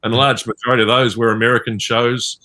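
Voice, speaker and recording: Man, New Zealand accent, bright timbre, rambling anecdotes, video call interview. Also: mid-range voice, little pitch movement, quick pace. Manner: rambling anecdotes with many fillers and restarts. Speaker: voice actor guest. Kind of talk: convention panel interview over video call.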